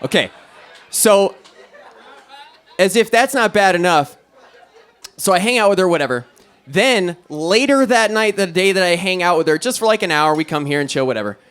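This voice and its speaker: This young stand-up comic speaks high, clear and resonant at a moderate pace, pausing often, while chatter sounds behind him in the small club. He rambles through a long, profane open-mic story, doing voices for its other characters.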